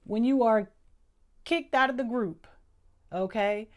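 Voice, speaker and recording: Speaking slowly in a fairly high voice, a woman with a doctorate reads tarot informally. Her delivery is emphatic, with repeated phrases aimed directly at her viewers.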